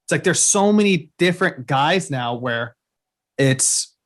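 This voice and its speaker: A man's voice: on the high side, expressive, a bit bright. A young man co-hosting a podcast, talking with enthusiasm and stopping often to restart. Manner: enthusiastic, halting, many restarts. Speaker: podcast co-host. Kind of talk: casual chat.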